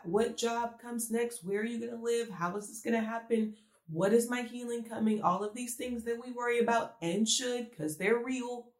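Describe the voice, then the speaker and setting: A woman giving a conversational sermon, earnest and full of rhetorical questions. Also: a little high. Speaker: speaker giving a devotional message. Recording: echoey room.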